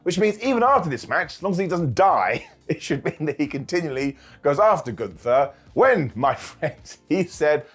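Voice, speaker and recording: A man casually recapping a wrestling show as reviewer, animated and jokey, laughing often. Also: a little high, normal speed, husky. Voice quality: bald-joke running gimmick host.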